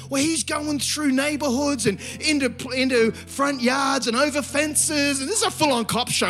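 Animated pastor, high voice. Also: male voice, normal speed, few pauses, faint music behind. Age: 50s. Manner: animated storytelling, then quiet earnest prayer. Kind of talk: sermon with story and prayer.

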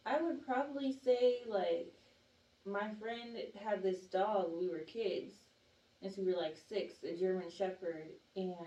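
A woman's voice: lowish voice, mellow. A young adult woman from the Atlanta area, chatting as a guest and telling stories full of "like" and "you know.". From Atlanta area, Georgia. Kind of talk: casual chat. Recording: echoey room, mic from a distance, faint hiss.

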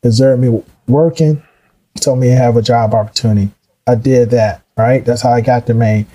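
A middle-aged man telling his career story in a casual, animated way, acting out the voices of people he quotes. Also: mid-range voice, normal speed, low-quality recording. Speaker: guest.

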